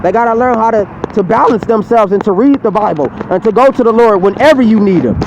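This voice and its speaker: A man with a high voice delivers a fiery, repetitive sermon in the open air beside a street. He swears freely and drives each point home by saying it over and over. A faint hum of traffic runs underneath. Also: expressive, quick pace, lo-fi sound. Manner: heated, repetitive, profane preaching. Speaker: street preacher. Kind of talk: impassioned outdoor sermon.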